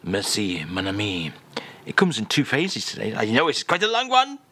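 A man voicing a suave, world-weary French crooner with a thick French accent, speaking in a slow, languid drawl. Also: fairly low pitch, huge pitch swings, sharp tone, husky, pitched below the performer's own voice, heavily acted.

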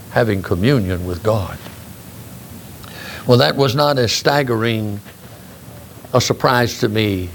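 An older man, a grandfather, preaching a sermon with emphatic rises in pitch. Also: a little hiss or hum. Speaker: pastor.

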